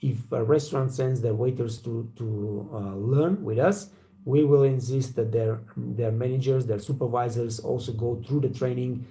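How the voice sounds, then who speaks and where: Gravelly blunt man. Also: medium pitch, steady tone, normal speed, dark tone. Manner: blunt, profane, storytelling with acted quotes. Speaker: waiter trainer and channel host. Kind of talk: casual motivational talk to camera.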